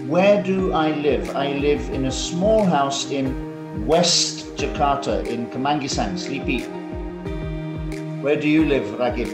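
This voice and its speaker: A man's voice: medium pitch, a little slow, over loud music. A man in his fifties with a London English accent, teaching a school English lesson over a video call in a friendly, joking way. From England. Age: 50s. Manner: friendly, joking, draws students out with questions. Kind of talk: online class lesson. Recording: echoey room on a video call.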